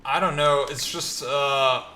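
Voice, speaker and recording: A male streamer chatting casually while gaming, rambling with fillers and excited outbursts. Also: medium pitch, slow pace. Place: new apartment. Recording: roomy, noisy.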